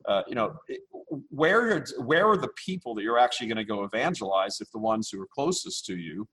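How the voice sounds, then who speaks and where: A man speaking as a podcast guest, blunt and forceful, repeating himself as he rambles. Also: on the low side, sing-song, fairly quick, husky. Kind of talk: casual interview.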